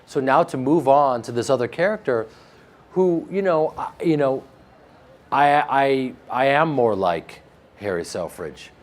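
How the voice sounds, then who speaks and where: Joking man with a flat Midwestern accent. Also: medium pitch, measured pace. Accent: flat Midwestern American. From American Midwest. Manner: animated, joking, laughs often, with frequent restarts. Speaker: actor being interviewed. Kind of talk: casual interview chat.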